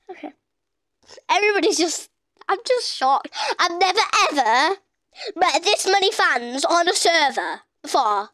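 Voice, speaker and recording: A woman giving casual, excitable gameplay commentary as a gaming YouTuber, gushing with exclamations. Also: extremely high pitch, a little slow, pauses often, dry recording, studio quality.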